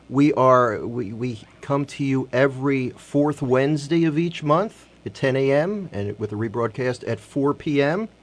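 Broadcasting from a radio studio, this Philadelphia radio host speaks earnestly in a medium-pitched voice. His Catholic program blends talk with scripture reading, and he eases his pace to read scripture softly.

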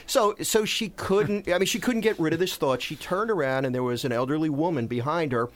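A man's voice: on the high side, brisk. A man co-hosting a radio talk show from a studio, telling stories earnestly. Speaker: radio co-host.

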